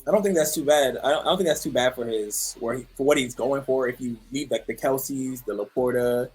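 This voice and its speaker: A man's voice: mid-range voice, a little fast, a little mellow, breathy edge, soft background music. A man co-hosting a casual fantasy football podcast, talking hesitantly with many restarts and steering the discussion. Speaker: podcast co-host.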